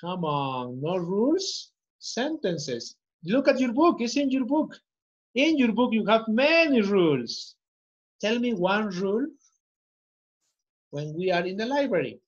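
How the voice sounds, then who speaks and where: A patient male teacher talks slowly to young learners and repeats each prompt to coax answers. His voice is a little husky and the sound is muffled, like lo-fi call audio. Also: high-pitched, sing-song. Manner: slow, repeating prompts, coaxing. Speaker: English teacher. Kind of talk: online class teaching children.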